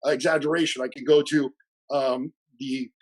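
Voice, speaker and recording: A man's voice: medium pitch, fairly even intonation, moderate pace, husky, poor audio. A man being interviewed as a coach, chatting casually and animatedly, acting out bits of dialogue and laughing often. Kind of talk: casual conversational storytelling.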